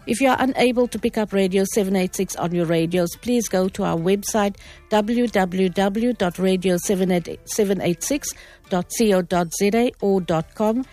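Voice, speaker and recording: A woman's voice: mid-range voice, normal speed, dark tone, soft background music. A South African woman hosting a radio talk show, friendly and chatty, presenting from the studio microphone. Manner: friendly, chatty, greets in several languages.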